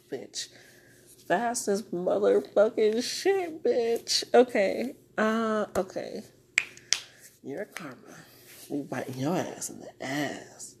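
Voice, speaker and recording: A woman's voice: mid-range voice, animated, takes it slowly, gravelly, darkish tone, breathy edge. A young woman podcaster venting in a raw, rambling monologue, swearing and tearful.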